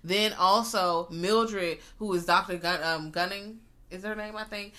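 A woman's voice: medium pitch, measured pace, pushed and bright. A woman co-hosting a casual chat about a series, blunt and emphatic with frequent profanity. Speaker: podcast co-host.

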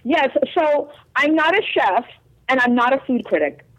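A woman's voice: sits high, animated, normal speed, a bit bright, low-quality recording. A woman from Los Angeles, a guest food and fun expert, talking in an upbeat way in an interview.

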